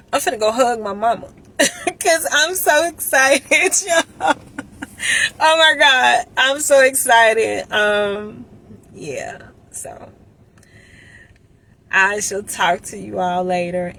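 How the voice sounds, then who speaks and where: A middle-aged woman chatting casually with viewers on a livestream, heartfelt and emotional, pausing often with ums. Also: mid-range voice, fairly bright tone. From Chicago area. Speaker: vlogger and insurance agent. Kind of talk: casual live-stream chat with viewers. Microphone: phone.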